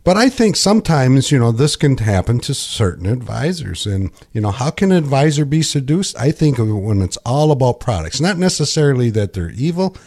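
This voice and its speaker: A man's voice: medium pitch, sing-song, brisk, hardly any pauses, darkish tone. Middle-aged man explaining conversationally. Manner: conversational, explanatory, frequent restarts. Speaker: financial coach. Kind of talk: radio talk show.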